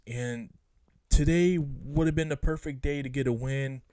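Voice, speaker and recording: A man rants casually as a sports fan vlogger, frustrated and emphatic, circling back to the same points again and again. His voice sits in a mid register with a warm, darkish tone. The sound is close and dry. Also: medium pitch, steady tone, a little slow, no echo. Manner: frustrated, emphatic, repeats himself. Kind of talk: casual rant about a basketball game.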